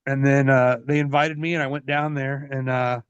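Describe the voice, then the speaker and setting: Profane, animated man telling wrestling stories. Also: medium pitch, moderate pace, clear, resonant tone, no room sound. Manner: profane, animated, laughs often. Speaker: wrestler guest. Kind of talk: casual storytelling. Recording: dull lo-fi dry sound.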